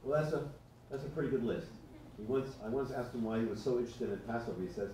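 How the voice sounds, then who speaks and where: A man's voice: mid-range voice, fast, mellow, recorded from a distance, a little hiss or hum. Hesitant man speaking from afar in an echoey hall. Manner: rambling, hesitant with many fillers. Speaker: memorial speaker. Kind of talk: personal tribute speech.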